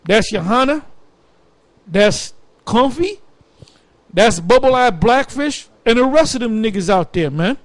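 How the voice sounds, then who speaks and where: A man leading a Bible study, preaching in an animated, emphatic way and laughing between points. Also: very high voice, measured pace, no echo. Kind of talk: fiery preaching commentary.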